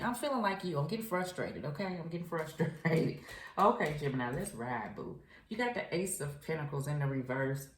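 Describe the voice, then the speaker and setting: Gravelly, frank woman reading tarot. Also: low-pitched. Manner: frank, chatty, addresses viewer directly with endearments. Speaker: tarot reader. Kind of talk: casual tarot reading to camera. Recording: echoey room.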